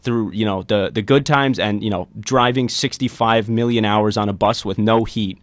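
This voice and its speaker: A low-pitched man hosts a podcast in a relaxed, conversational way. He sounds reflective and a little emotional. The studio sound is dry and close, with no room echo. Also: moderate pace. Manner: warm, reflective, self-described emotional guy. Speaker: podcast host. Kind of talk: casual chat. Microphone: studio microphone.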